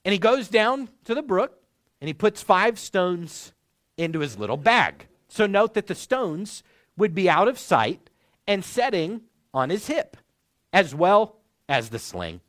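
A young man preaching a sermon, teaching the text in a measured, clear way with rising and falling inflection. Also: high-pitched, very animated, fairly bright tone, no echo, clean studio sound.

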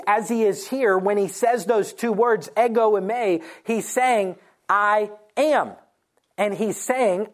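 A preacher giving a sermon in a mid-pitched voice. They act out quoted lines with sudden lifts in pitch, then slow down deliberately to press home key points. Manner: animated storytelling, acting out quoted lines; slows down to stress key points. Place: church morning service.

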